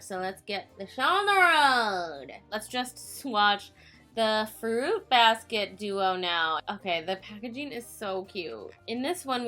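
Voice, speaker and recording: Young woman, makeup vlogger, bright, high-ish voice, chatty, giggly, self-mocking, tired, faint music. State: tired late at night. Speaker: beauty vlogger. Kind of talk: makeup swatch review vlog.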